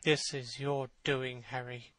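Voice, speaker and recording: A man reading aloud, voicing an earnest, devoted painter who speaks gravely. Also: on the high side, moderate pace, sharp tone, dry recording, rough recording. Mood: bitter.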